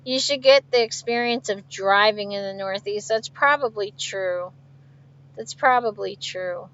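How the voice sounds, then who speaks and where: A woman truck driver from outside Philadelphia chats casually on a livestream, reading viewer comments aloud, answering their questions, and laughing often. Her medium-pitched voice is a bit bright and a little slow, and the stream audio is dull and lo-fi.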